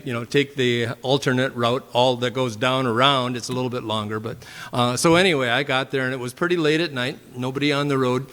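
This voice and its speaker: A man with a Minnesota accent tells a personal story to a church gathering, easygoing and meandering, often clearing his throat. His voice sits at an ordinary middle pitch. It rings out with the long reverb of a large church hall. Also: a bit bright. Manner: rambling, with fillers and frequent throat clearing. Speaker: church member giving a testimony. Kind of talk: casual storytelling testimony. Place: church sanctuary.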